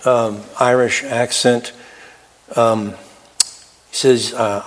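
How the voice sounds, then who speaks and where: A man preaching a sermon in an earnest storytelling manner, slowing down to stress key words. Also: medium pitch. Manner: earnest, storytelling, slows for emphasis.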